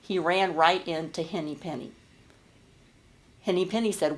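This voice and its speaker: A woman leading a service, telling a children's story in a gentle storytelling manner. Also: fairly low pitch, unhurried. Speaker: worship leader.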